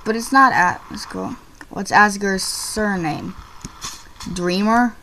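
Young female gamer, easily excited, yelps at mistakes; slow-paced chat over faint hiss. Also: medium pitch. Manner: excitable, yelps and shrieks at failures. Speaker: gaming YouTuber. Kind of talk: gameplay commentary.

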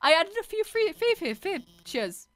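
A woman's voice: very high-pitched, big pitch swings, moderate pace, a bit bright, no echo, pitched above the performer's own voice, full character voice. A woman voicing a nerdy, jittery female lizard scientist from a video game in a put-on British accent. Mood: perky. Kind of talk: reading game dialogue aloud.

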